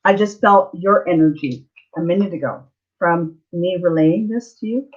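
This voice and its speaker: A woman's voice: lowish voice, normal speed. Earnest woman tarot reader, lo-fi sound. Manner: earnest, emotional, often ending with "okay?". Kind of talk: live online tarot reading.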